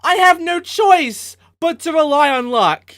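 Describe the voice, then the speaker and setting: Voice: sits high, expressive, a little slow, a bit bright. A gaming host giving let's play commentary, ranting in a profane, exasperated way.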